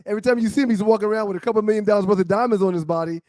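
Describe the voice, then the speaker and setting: A man with a high voice co-hosts a sports podcast. He talks casually, brags and spins stories with deadpan humor. The recording is dry and close to the mic. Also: racing, no room sound. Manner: boastful, storytelling, deadpan jokes. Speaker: podcast co-host. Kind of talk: casual sports talk banter.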